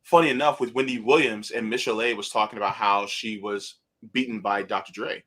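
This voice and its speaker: A man co-hosting a casual chat show, animated and laughing often. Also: on the low side, a little fast. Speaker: co-host.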